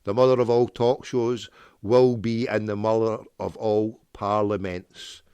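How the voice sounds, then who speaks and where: A man's voice: fairly low pitch, flat delivery, measured pace, mellow, smooth, no echo. A man hosting a prank call show, rambling off on tangents with jokey wordplay. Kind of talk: rambling solo talk with prank calls.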